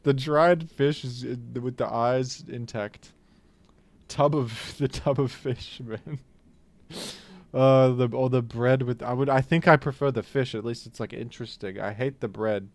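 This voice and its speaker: A man's voice: mid-range voice, steady tone, measured pace, dry recording. Laid-back streamer man, dry close sound. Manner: playful, laughs often, mock British impressions. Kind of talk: casual live-stream commentary.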